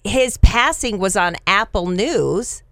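A woman co-hosting a podcast, talking in an expressive, playful way. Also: medium pitch, takes it slowly, no room sound, clean studio sound. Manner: expressive, animated, playful teasing. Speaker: podcast co-host. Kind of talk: casual chat.

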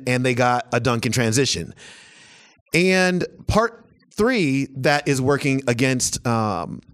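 Sports talk host, male, analytical, lays out points in order. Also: medium pitch. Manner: analytical, building points in lists.

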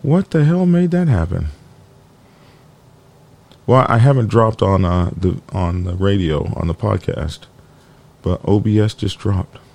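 A man with a gravelly, fairly low voice hosts a casual biker news live stream. His pitch jumps around a lot as he rambles and jokes. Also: expressive, measured pace, long pauses, darkish tone. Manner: rambling, joking, talks to his dog mid-show. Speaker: biker news show host.

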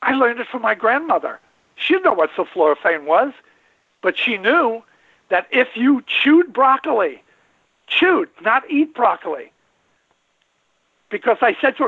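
A man's voice: very high voice, big pitch swings, a little slow, long pauses, breathy edge, no room sound. Older man ranting over a tinny phone line. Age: 70s. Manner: rambling, folksy, emphatic with repetitions. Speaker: radio show host and veterinarian. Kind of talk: call-in radio monologue.

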